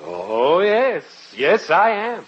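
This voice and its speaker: A wisecracking, lively reporter. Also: male voice, high voice, drawn-out words, full character voice. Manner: brash, joking, impatient. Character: wisecracking young American male reporter. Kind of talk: 1940s radio comedy acting. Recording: muffled old radio broadcast.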